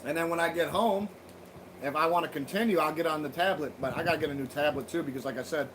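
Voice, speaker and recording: A man chats with viewers on his livestream in a loose, profane, joking way. His voice sits high, and he speaks into a phone or tablet at home. A faint hiss runs underneath. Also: fast talker, a bit bright, poor audio. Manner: loose, profane, laughing banter. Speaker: livestream host. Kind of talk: casual livestream chat with viewers.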